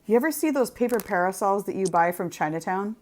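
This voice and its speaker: A middle-aged woman co-hosting a casual crafting chat, reading out viewer comments and telling lively stories. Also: mid-range voice, fast talker. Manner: animated storyteller, acts out quoted lines.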